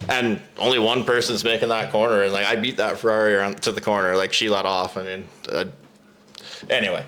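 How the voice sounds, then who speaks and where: A man's voice: on the low side, flat delivery, brisk, a bit bright. A man hosting a podcast, telling a rambling, profane story and laughing through it. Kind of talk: casual storytelling.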